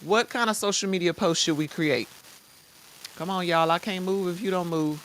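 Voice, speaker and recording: A woman hosting a live-streamed software tutorial. She chats casually in slang and talks straight to her viewers. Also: on the low side, normal speed. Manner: lively, chatty, addresses viewers directly. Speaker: host.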